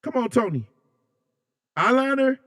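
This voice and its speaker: A man hosting a casual livestream, chatting loosely with his viewers and reading their comments, animated and joking with plenty of slang. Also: very high voice, unhurried, no room sound, clean studio sound. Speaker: livestream host.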